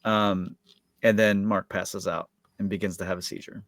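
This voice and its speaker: A man with a fairly low voice walks through an episode recap in loose, rambling chat, stringing thoughts together with constant filler words. His voice sounds dry and close, with no room around it. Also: level tone, moderate pace, a bit bright, dry recording. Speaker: podcast co-host.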